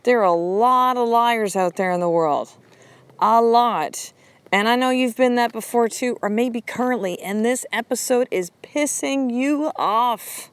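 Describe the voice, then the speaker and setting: A woman's voice: fairly high pitch, measured pace, clear, resonant tone, no room sound. A woman hosting a motivational podcast, talking bluntly and emphatically and swearing freely. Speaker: podcast host.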